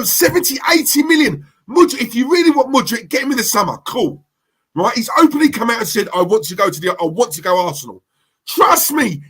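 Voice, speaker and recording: A man's voice: extremely high pitch, a bit bright. A man ranting to camera as a football fan vlogger, heated and emphatic, repeating himself for effect.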